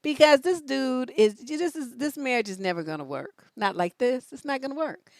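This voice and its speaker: Woman, relationship coach, high voice, blunt, profane, joking, casual livestream advice, dry close sound. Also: lively intonation, normal speed, no room sound. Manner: blunt and profane, joking, reads questions aloud. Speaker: relationship coach answering viewer questions.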